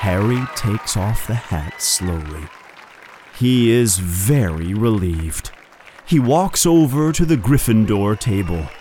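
A man narrating a storybook in an expressive reading manner, jumping high for characters' calls. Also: takes it slowly, a crowd in the background, noisy background.

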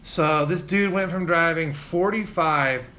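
Profane, animated man telling a story. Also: fairly high pitch, unhurried. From Spokane, Washington. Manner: animated, profane, mimics people in shouts. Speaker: storyteller in a casual chat. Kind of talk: casual chat, profane road-rage story. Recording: faint ambient noise.

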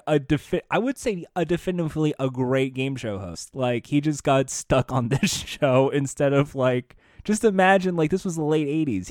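A man co-hosting a casual podcast chat, animated and laughing often, sometimes slipping into a mock game-show announcer voice. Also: fairly high pitch, dry recording, studio quality. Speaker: podcast co-host.

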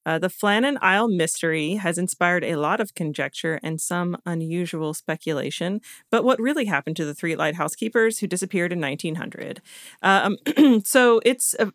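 A woman's voice: lowish voice, fairly bright tone, dry recording, clean studio sound. A woman co-hosting a podcast, casually retelling a story, often laughing and stumbling over names. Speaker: podcast co-host telling the story. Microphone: podcast studio mic.

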